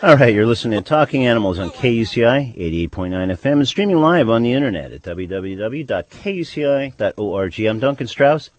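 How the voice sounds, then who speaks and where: A man hosting a radio show, speaking haltingly with many pauses and fillers. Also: mid-range voice, animated. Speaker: radio host.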